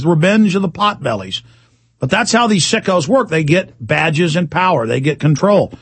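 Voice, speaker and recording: A man hosting a call-in talk radio show, ranting and repeating himself, with sudden emphatic jumps in pitch. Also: animated, fairly quick, slightly rough, no echo.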